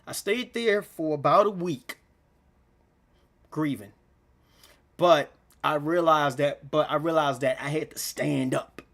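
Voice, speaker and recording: Brief: young male vlogger, high voice, rambling heartfelt monologue, on the edge of tears. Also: a little slow, vocal fry, a bit bright. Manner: rambling, repeats himself, slangy. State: near tears. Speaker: gaming channel vlogger. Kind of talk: emotional unscripted monologue.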